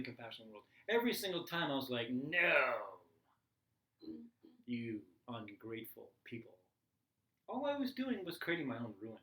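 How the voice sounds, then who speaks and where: A man teaching a live class, telling a personal story in a candid, animated way with frequent "right?" asides. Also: on the high side, roomy sound, poor audio. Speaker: meditation teacher.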